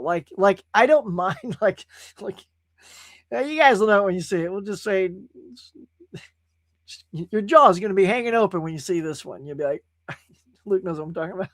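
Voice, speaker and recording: Guy hosting a movie chat stream, super animated, jumps up and down in pitch, dry close mic. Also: normal speed, long pauses, no echo. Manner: animated, reads chat comments aloud, frequent laughs. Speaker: host. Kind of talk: casual live-stream chat.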